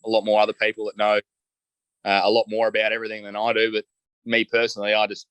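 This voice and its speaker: A man's voice: lowish voice, monotone, quick pace, a bit bright, clear, resonant tone, no echo. A man with an Australian accent, a podcast guest telling stories in a laid-back, joking way with lots of casual fillers. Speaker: podcast guest, truck driver. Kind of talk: casual storytelling chat.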